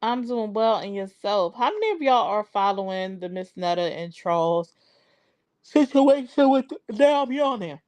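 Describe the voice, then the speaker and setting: A woman's voice: medium pitch, animated, moderate pace, darkish tone, dry recording. A young adult woman hosting a live stream in a casual, chatty way, talking straight to her viewers.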